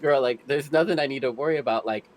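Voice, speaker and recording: A streamer guest in a casual chat, telling stories in an animated, campy way. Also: male voice, medium pitch, fast talker.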